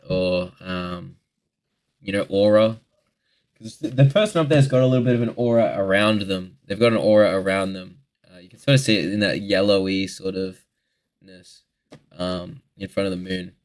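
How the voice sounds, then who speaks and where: A twenty-year-old Australian man answering viewer questions in a rambling, joking casual chat, swearing freely. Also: deep voice.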